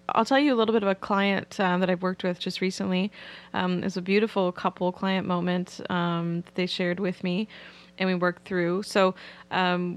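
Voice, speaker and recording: A woman psychotherapist, a podcast guest, candidly telling a story about her clients. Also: on the low side. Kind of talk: podcast interview.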